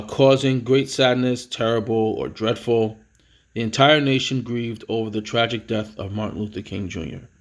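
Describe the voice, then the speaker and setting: A man teaching a vocabulary lesson, reading words and definitions aloud in a casual way, with fillers and self-corrections. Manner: reads each headword louder and higher, then drops to explain.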